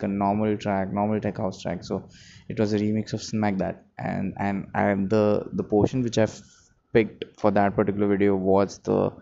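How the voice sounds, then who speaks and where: A man's voice: fairly low pitch, gravelly, warm tone. A man, a music producer, thinking aloud in a rambling, reflective daily monologue, sleepy and yawning. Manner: reflective, rambling, self-correcting. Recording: dull lo-fi recording, faint background hum.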